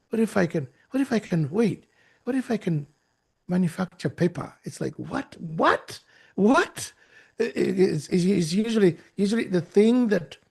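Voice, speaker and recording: A man from Uganda giving a lively, preacher-like motivational talk, often repeating his phrases. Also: on the high side, gravelly. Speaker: speaker at a youth talk.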